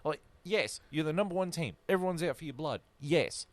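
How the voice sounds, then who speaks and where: A man's voice: a little high, a little fast. A man, co-hosting a casual podcast chat, blunt and opinionated, swearing freely. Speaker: podcast co-host.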